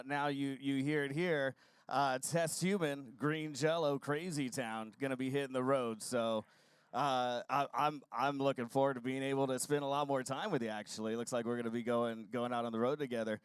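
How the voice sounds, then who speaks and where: A man interviewing a fellow musician, asking casual questions with halting, stammering restarts. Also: mid-range voice, clean tone, dry recording, studio quality.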